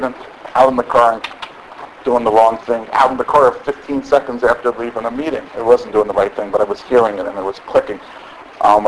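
The recording is rough, with a little hiss or hum, as a middle-aged man with a lowish, slightly mellow voice speaks at a support meeting. Sharing openly in the meeting room, he rambles and keeps restarting his sentences.

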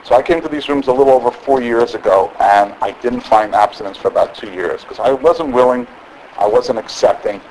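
A man's voice: medium pitch, a little fast, a little mellow, slight background noise, poor audio. Candid, rambling middle-aged man. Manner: candid, rambling, with many restarts. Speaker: member sharing at a recovery meeting. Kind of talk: personal share at a support meeting. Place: meeting room.

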